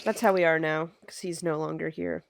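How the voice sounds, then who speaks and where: A woman's voice: low voice, steady tone, brisk, gravelly, no echo, studio quality. A woman co-hosting a podcast in casual chat, teasing her friend and sharing personal stories. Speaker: podcast co-host.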